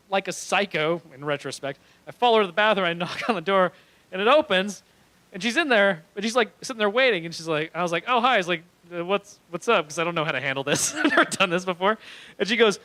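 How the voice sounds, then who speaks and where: Young guy doing standup at a small club, high bright voice, rambly and laughing at himself. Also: quick pace, dry recording, rough recording. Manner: rambling, animated storytelling with frequent laughs. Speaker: stand-up comedian. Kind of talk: stand-up comedy. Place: small comedy club stage.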